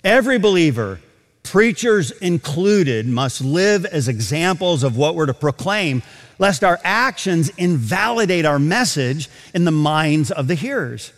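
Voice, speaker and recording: A man preaching a sermon to a congregation, animated, slowing down to stretch key phrases. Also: a little high, big-room sound. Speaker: pastor. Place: large auditorium.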